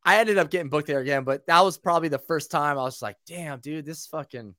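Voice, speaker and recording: A man telling stories as a guest in a casual chat, animated and full of swearing. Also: fairly high pitch, quick pace, no room sound, studio quality. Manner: animated, profane storytelling.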